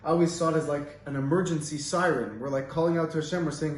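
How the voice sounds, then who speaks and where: Speaking fast in a fairly high, evenly intoned voice, a man delivers an informal Torah talk, rambling casually through stories with many fillers. The sound is roomy, from a distant mic with faint ambience.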